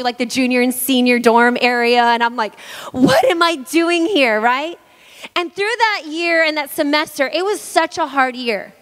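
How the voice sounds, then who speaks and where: A woman pastor in her thirties from Hawaii, preaching a sermon in a lively, chatty way and joking with the congregation. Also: sits high. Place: church hall. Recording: long church-hall reverb.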